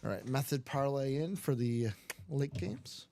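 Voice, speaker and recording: A man's voice: mid-range voice, a little slow, vocal fry, warm tone. A man hosting a live card break stream, chatting casually and reeling off player names in a jokey, upbeat way.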